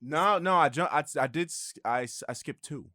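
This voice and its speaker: A young man talking casually as a podcast guest, animated and quick to laugh, often restarting his sentences. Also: a little high, no room sound, studio quality.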